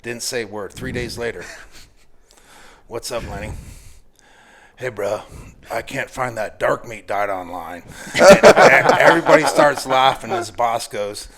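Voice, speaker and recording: An American man in his forties telling profane, animated stories in casual chat and laughing through the punchlines, as a guest firearms instructor. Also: mid-range voice, a little slow.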